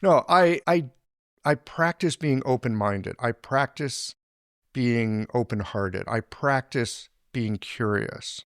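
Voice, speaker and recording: A man hosting a podcast interview, speaking in a halting, reflective way. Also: medium pitch, fairly bright tone, no echo, studio quality. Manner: halting, many fillers and restarts, reflective. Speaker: podcast host.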